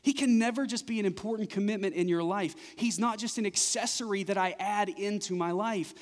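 A middle-aged pastor delivering a sermon, with a voice that sits a little higher than most men's. He drives his points home with punchy repetition, and his words ring out with a long echo through the church hall. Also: brisk. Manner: preaching with rising, emphatic repetition. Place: church sanctuary. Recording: church recording with long reverb.

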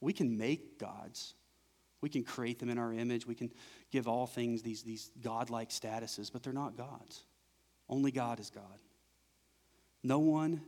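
A man's voice: mid-range voice, a little mellow. A middle-aged man preaching a sermon as pastor, building emphasis through repeated phrases. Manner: preaching with rising, emphatic repetition. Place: church sanctuary. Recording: church recording with long reverb.

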